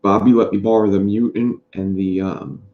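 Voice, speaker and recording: Gravelly lo-fi man rambling on a stream. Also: lowish voice, fairly even intonation, normal speed. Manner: rambling, greets chat by name. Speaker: vape reviewer streaming live. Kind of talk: casual live-stream chat. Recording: dull lo-fi sound in an echoey room.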